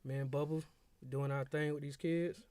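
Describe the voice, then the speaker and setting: A man's voice: on the high side, fairly even intonation, normal speed, mellow, smooth, dry recording. A man joining a casual podcast, cracking crude jokes. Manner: joking, crude humor.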